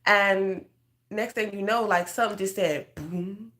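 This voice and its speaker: Unhurried and steady, with a medium pitch and a fairly bright tone, this woman is a prophetic guidance coach. She recounts an emotional testimony from her own life in an earnest, conversational style, speaking straight to her audience.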